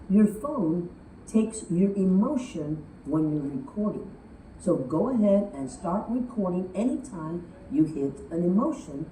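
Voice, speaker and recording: A woman giving a speech-writing lesson, telling stories and acting out quotes. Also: fairly low pitch. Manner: lively storytelling, acts out quotes. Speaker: public speaking coach. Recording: roomy, distant from the mic, faint noise.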